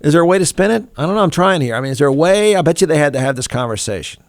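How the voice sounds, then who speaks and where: Snarky guy hosting a talk show, gravelly voice, irreverent rant, laughs a lot, dry studio mic. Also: on the high side, lively intonation, rapid-fire, few pauses, no echo. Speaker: radio show host.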